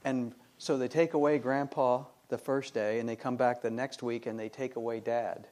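A man's voice: mid-range voice, steady tone, moderate pace, a little mellow. A middle-aged man preaching a sermon, emphatic and full of rhetorical questions put to the congregation. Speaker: pastor.

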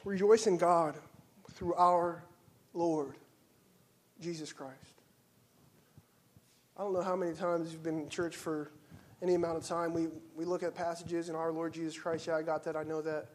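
A man preaching a sermon in church, swinging from hushed, measured teaching to loud, fervent exclamations. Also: on the high side, level tone. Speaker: pastor. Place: church sanctuary.

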